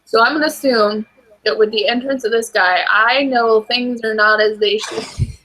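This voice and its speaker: A woman's voice: on the high side, moderate pace, fairly bright tone, rough recording. A woman playing a tabletop role-playing game, reading rules aloud and chatting about her move. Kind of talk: casual chat while playing.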